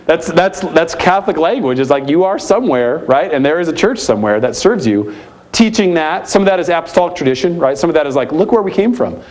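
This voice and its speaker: A man's voice: a little high, animated, quick pace, darkish tone. An American man presenting at a youth ministry conference, emphatic and repeating key points while asking the audience questions. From United States. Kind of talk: conference keynote talk. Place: conference center hall.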